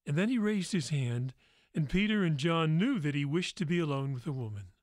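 A man who is a priest and hosts a radio talk show, telling a faith story in a gentle, measured way. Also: a little high, lively intonation, dry recording, clean studio sound.

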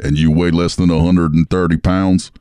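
A man's voice: sits low, level tone, normal speed, warm tone, clear, resonant tone, dry recording. A man making a prank phone call in a smug, condescending tone. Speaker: prank caller.

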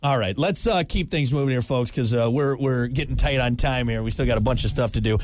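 A man's voice: medium pitch, moderate pace, darkish tone, faint music behind. A man hosting a morning radio show, bantering and joking in a playful, loose way. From Canada. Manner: joking, playful, slips into silly voices.

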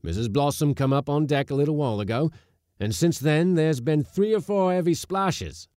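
A man voicing a stout, shaken male sailor in a storybook reading, loud and insistent. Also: fairly high pitch, lively intonation, normal speed, no room sound, clean studio sound, pitched above the performer's own voice, natural voice.

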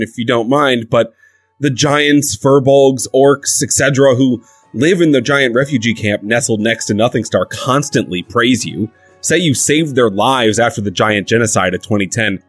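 A man's voice: medium pitch, no echo, natural voice. A man voicing a nervous young interviewer in a comedic audio drama, polite and prone to stammering. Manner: polite, stammering, easily rattled. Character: nervous young male interviewer of magical folk.

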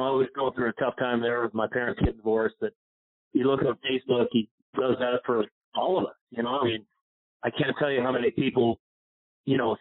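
A man from Pennsylvania, a golf instructor telling a long personal story in an interview, rambling with many fillers and getting choked up. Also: medium pitch. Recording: phone-like line.

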